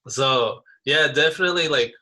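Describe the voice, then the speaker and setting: Bright-voiced man, slangy podcast storyteller. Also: a little high, normal speed. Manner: animated storytelling, slangy, says bro and dude. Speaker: podcast co-host. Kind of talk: casual chat.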